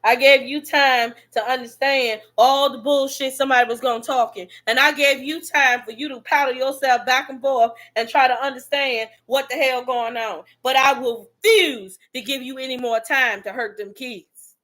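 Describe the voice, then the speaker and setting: A woman's voice: high voice, fairly even intonation, moderate pace, hardly any pauses, fairly bright tone. A woman giving a fiery motivational monologue, blunt and profane, calling out her listeners directly and preaching tough love. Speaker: motivational speaker.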